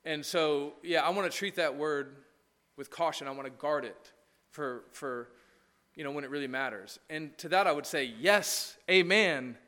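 A man's voice: on the high side, moderate pace, bright, forceful tone, big-room sound. A man preaching a sermon as pastor, talking conversationally and tossing in frequent "right?" asides. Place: church.

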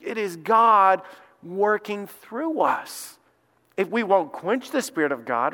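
A man from Alabama, preaching a sermon as lead pastor and telling stories in a folksy way. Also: high voice. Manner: folksy storytelling, voice rising when excited. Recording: long hall reverb.

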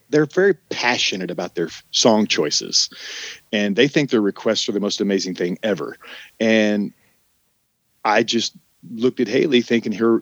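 A man's voice: on the low side, no room sound, lo-fi sound. A man casually telling stories from his past jobs, acting out the voices of people he quotes. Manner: animated storyteller who acts out quoted voices. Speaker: guest telling his life story. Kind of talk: casual podcast conversation.

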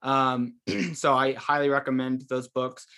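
A man's voice: medium pitch, flat delivery, a little slow, pushed and bright. A man, a guest author, explaining a theological argument in casual conversation, hesitant with many fillers and restarts.

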